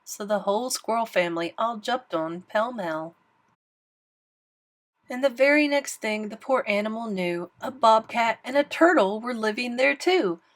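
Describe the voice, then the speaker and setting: A woman reading a rhyming picture book aloud in an expressive, sing-song manner. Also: a little high, a little slow. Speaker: storybook reader.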